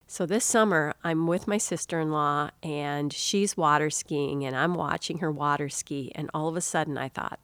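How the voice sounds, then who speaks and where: A woman's voice: sits low, fairly bright tone, no echo. A middle-aged woman hosting an inspirational talk show, telling a personal story in a chatty, encouraging way and speaking to the listener as a dear soul. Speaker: podcast host and author.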